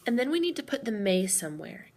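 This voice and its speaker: A woman's voice: on the high side, big pitch swings, quick pace, a little mellow. A woman teacher explaining grammar patiently, step by step, in a recorded lesson. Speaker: Spanish teacher.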